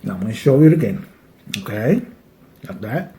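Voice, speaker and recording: A man's voice: mid-range voice, very animated, normal speed, warm tone, slight background noise. A man, patiently walking through a casual eating demonstration at a dining table with small jokes along the way. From Malaysia. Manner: joking, patient step-by-step instructions. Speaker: cultural etiquette instructor.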